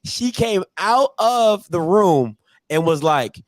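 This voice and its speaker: Man, live call-in show host, slightly high voice, animated slangy banter, dry close sound. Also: slow, no echo.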